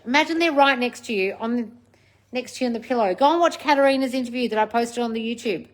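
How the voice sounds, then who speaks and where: A woman's voice: a little high, quick pace. A woman hosting a casual livestream, answering viewer comments in a blunt, scolding coach manner with plenty of swearing. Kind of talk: casual live chat, reading out comments.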